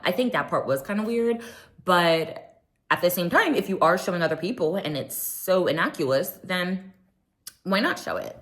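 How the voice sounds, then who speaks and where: Young woman vlogger, slightly low voice, casual and animated reality TV recap. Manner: chatty, opinionated, animated retelling with quoted voices.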